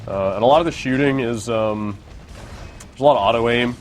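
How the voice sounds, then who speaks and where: A man's voice: medium pitch, brisk, a little hiss or hum. A man giving casual gameplay commentary as he plays, laid-back and rambling with lots of fillers. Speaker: co-host playing the game.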